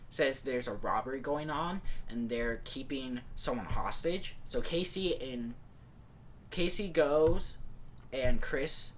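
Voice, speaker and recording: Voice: medium pitch, a little hiss or hum. Rambling podcaster retelling a plot. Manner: rambling, loose with fillers like "like" and "and stuff". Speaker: podcast host.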